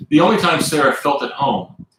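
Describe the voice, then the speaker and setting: A man's voice: on the high side, normal speed, very echoey, noisy background. Southern man reading his book aloud. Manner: lively reader who stops to chat with viewers. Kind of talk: live-streamed book reading.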